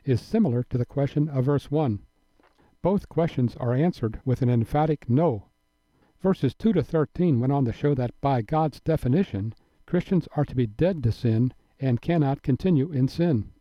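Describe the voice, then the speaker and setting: A man delivering a scripted radio Bible teaching in a measured, earnest and emphatic manner. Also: medium pitch, warm tone, no echo. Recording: dry, dull lo-fi broadcast audio.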